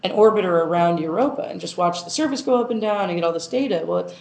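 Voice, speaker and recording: A woman's voice: lowish voice, fast, vocal fry, a little mellow. A woman planetary scientist answering interview questions in a casual, thoughtful way, with many fillers and restarts. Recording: roomy echo.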